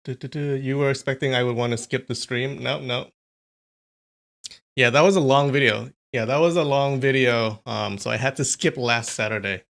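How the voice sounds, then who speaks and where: Male streamer, casual and amused, middle pitch, off-the-cuff chat to viewers. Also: fairly even intonation, normal speed, gravelly, fairly bright tone. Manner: chatty, amused, talks to chat. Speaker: live-stream host.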